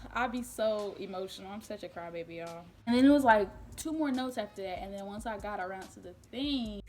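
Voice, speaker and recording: A young adult woman vlogger telling a casual storytime, chatty and animated, with lots of fillers and easy laughs. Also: medium pitch, background noise. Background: faint background music.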